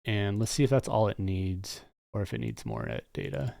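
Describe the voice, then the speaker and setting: A man's voice: lowish voice, wildly swooping pitch, normal speed, gravelly, long pauses, warm tone, no echo. A man live-streaming his coding work, talking casually and thinking aloud with muttered asides. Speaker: streamer and game developer.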